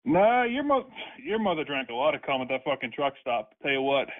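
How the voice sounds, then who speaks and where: A man's voice: on the high side, big pitch swings, brisk. A man on a phone call, ranting angrily and hurling profane insults. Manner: angry, profane, insulting rants. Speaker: prank call target. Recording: tinny phone line.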